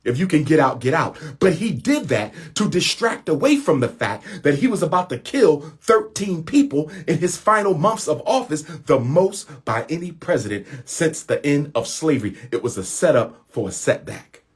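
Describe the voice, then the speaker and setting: A man's voice: a little high, very animated, normal speed, few pauses, breathy edge. A man speaking in an impassioned monologue to his followers, using repetition and rhetorical questions in colloquial speech.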